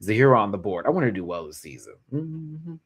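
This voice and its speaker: A man's voice: on the low side, sing-song, fast talker, slightly rough. A man giving casual live-stream commentary, chatty and campy, greeting viewers in chat and laughing often.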